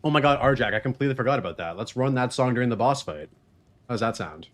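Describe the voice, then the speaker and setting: A man's voice: mid-range voice, lively intonation, fast talker. A man streaming a video game, chatting casually, joking and laughing often as he reads chat messages aloud.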